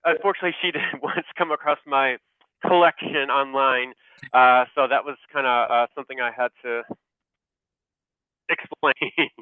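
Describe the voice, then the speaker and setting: A man talking over a tinny, phone-like line, the sound dry and close with no room around it. He tells his story haltingly, piling up fillers and restarts, with a laugh breaking in at the funny bits. He is a pharmacist guest on a casual interview. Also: medium pitch, steady tone, clean tone, no echo.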